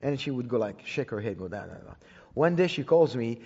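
Speaking a little fast, this man has a mid-range, husky voice with a darkish tone and expressive delivery. As a Bible teacher addressing a congregation, he shares a sermon as a personal story, conversational and full of restarts and repeated words, in a dull recording with long hall reverb.

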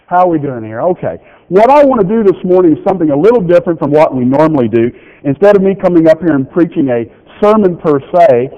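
A man's voice: fairly high pitch, warm tone. A middle-aged man, a pastor, chatting folksily with his congregation, reading out children's notes and tossing questions back to the room. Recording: dull lo-fi church recording.

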